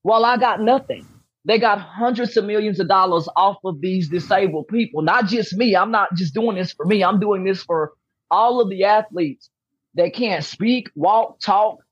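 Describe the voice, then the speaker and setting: A woman's voice: medium pitch, normal speed, slightly rough, dry recording, lo-fi sound. A woman giving a candid interview as a podcast guest, talking emphatically and repeating her key points. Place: room at home with posters behind.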